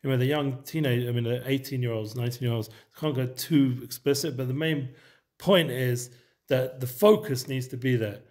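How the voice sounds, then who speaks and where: A man leading a relaxed Torah study session, explaining Hebrew texts in a loose, conversational way. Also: mid-range voice, normal speed. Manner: mixes Hebrew terms into English, loose and conversational. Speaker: Torah teacher.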